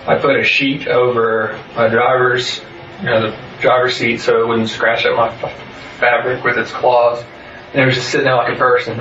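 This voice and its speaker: A man's voice: mid-range voice, a little hiss or hum. Man heard far off in a roomy space. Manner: flat, halting, with many pauses and fillers. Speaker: interviewee. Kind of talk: recorded interrogation statement. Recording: muffled, roomy, distant recording.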